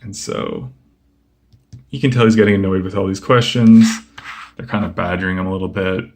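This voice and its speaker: A young man casually flipping through a comic book and chatting about each page, relaxed and rambling with lots of fillers. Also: low-pitched, brisk. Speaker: comic book video host.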